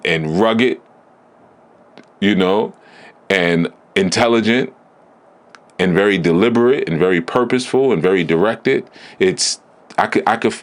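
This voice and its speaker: A man giving a blunt, emphatic spiritual teaching talk in a deliberate, preaching manner. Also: deep voice. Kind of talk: preaching lecture.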